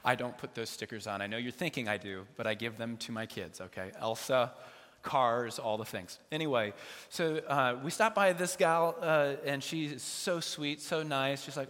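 A man's voice: mid-range voice, moderate pace, fairly bright tone, in a large hall. A man preaching a sermon as pastor, telling stories with playful asides and acted-out dialogue. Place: large church sanctuary.

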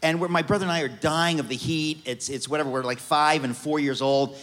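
A middle-aged man from New York telling funny family stories on stage, animated and comic, often restarting his sentences. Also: on the high side, fairly quick. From New York, USA. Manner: animated, comic, self-interrupting. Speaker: guest speaker. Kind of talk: storytelling on stage. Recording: reverberant hall.

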